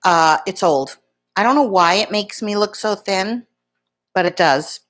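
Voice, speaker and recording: A woman's voice: medium pitch, unhurried, a bit bright. A woman in her fifties, chatting casually and rambling as she talks to her viewers by name at home. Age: 50s. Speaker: beauty vlogger. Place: home in Florida.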